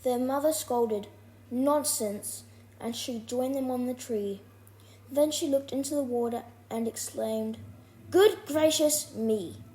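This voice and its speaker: A woman reading a rhyming children's storybook aloud in an expressive, rhythmic way. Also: a little high, a little slow. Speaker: storybook reader.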